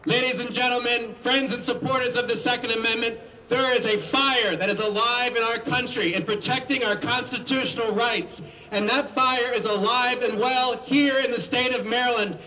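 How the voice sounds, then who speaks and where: A man giving a rousing rally speech as a politician, leading the crowd in shouted chants. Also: very high voice, fairly even intonation, moderate pace, hardly any pauses. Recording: distant mic, crowd and ambient noise.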